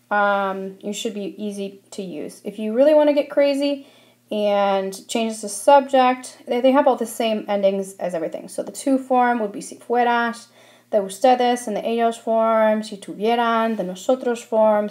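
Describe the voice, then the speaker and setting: A woman's voice: mid-range voice, darkish tone. A woman explaining Spanish grammar over slides in a friendly way, with frequent ums. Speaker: Spanish teacher. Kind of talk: classroom lesson narration over slides.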